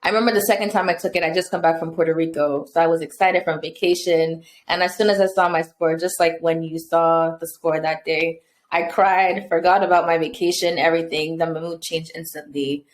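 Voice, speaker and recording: A young woman hosts a casual podcast interview, affirming her guest and then opening up with her own story. Her voice sits fairly low for a woman. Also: fairly even intonation, a little fast. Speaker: podcast host.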